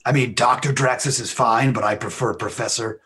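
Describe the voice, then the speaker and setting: A man's voice: medium pitch, steady tone, a little fast, bright, forceful tone, slightly rough. Dry-voiced man playing his character. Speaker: player. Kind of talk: in-character play.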